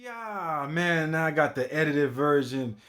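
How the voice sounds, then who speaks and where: A man's voice: fairly high pitch, expressive, very noisy. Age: adult. Sex: man. Style: laid-back reaction commentary. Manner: slow, laid-back, repeats himself. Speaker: reaction video host.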